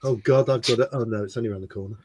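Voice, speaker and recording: Speaking very fast in a darkish, mid-range voice, a man co-hosts a hobby livestream from his home studio on a video call. He casually says hello to viewers and pokes fun at them as he goes through their comments.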